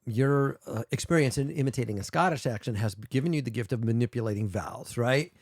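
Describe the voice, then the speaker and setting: A middle-aged man chatting on a podcast as a guest, animated and demonstrating sounds as he talks. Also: mid-range voice, brisk, no echo, clean studio sound. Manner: animated, slips into voices and demonstrations. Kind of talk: casual chat.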